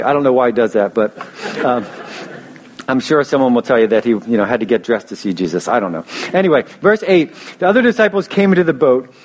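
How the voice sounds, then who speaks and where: A young man preaching a sermon in a casual storytelling way, often restarting phrases and adding fillers. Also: medium pitch. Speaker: pastor.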